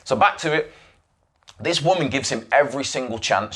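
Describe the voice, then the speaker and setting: A man's voice: medium pitch, normal speed, slightly rough. A man hosting a podcast, casually retelling a documentary with swearing and acted-out quotes. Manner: animated, swearing, acts out quoted voices. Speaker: podcast host.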